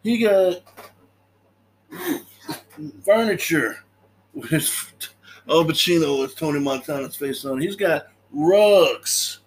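A man's voice: a little high, expressive, takes it slowly, long pauses. A man casually recapping a movie in a laid-back way, laughing often and acting out lines.

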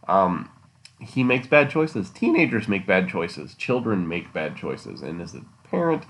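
A man's voice: low voice, very animated, a little slow, a bit bright. A man hosting a solo podcast, rambling casually and teasing his listeners with jokes. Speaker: podcast host.

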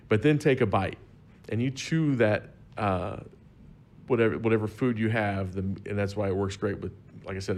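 A man's voice: lowish voice, creaky, slight background noise. A man explaining wine pairing in a casual chat, easygoing and plain-spoken. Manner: easygoing, explains with everyday examples. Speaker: wine expert guest.

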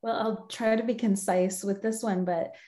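A woman's voice: mid-range voice, steady tone, moderate pace, mellow. A middle-aged woman from the United States answering interview questions in a friendly, thoughtful way, laughing often. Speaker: guest, localization professional.

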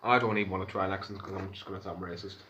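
Fast-talking North East English man. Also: low-pitched, steady tone, background noise. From Peterlee, England. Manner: fast, chatty, says "mate" and "aye". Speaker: podcast co-host. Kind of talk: casual banter. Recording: echoey, dull-sounding room.

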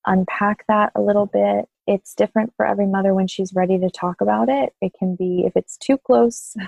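A woman postpartum doula speaking thoughtfully and gently in an interview, with soft laughs. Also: mid-range voice, steady tone, a little fast, vocal fry, no echo, low-quality recording. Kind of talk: interview conversation.

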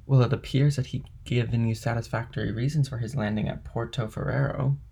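A man voicing a scheming, envious male ship's clerk in an audiobook reading, with a husky voice. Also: mid-range voice, fairly even intonation, brisk, dark tone. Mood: sly.

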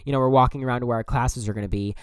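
A young man casually telling a story to his camera, blunt and profane with animated asides. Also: medium pitch, racing, clear, resonant tone, dry recording. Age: young adult. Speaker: vlogger.

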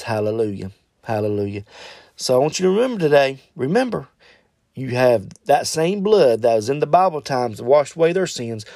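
A man's voice: creaky, a little mellow, dry recording, clean studio sound. A man preaching a podcast sermon and leading prayer, fervent, often calling out hallelujah and correcting himself as he goes. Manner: fervent, repeats hallelujah, swings from high exclamations to low prayer; loose, self-correcting delivery.

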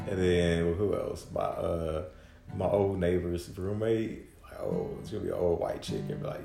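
Speaking at a normal pace, this man has a low, gravelly, warm voice and sounds animated. He's doing a loose, foul-mouthed solo podcast monologue, restarting often and mumbling asides, in an echoey room where guitar music plays faintly.

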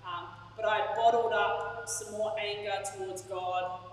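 A woman's voice: mid-range voice, steady tone, a little slow, a little hiss or hum. A woman preaching a sermon in a candid, chatty way, laughing at herself. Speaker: pastor. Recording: echoey hall, from far off.

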